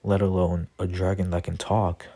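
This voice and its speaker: A man's voice: deep voice, flat delivery, moderate pace, dark tone, husky. Man doing a stammering scared boy. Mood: curious. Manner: stammering, nervous. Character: frightened young human boy.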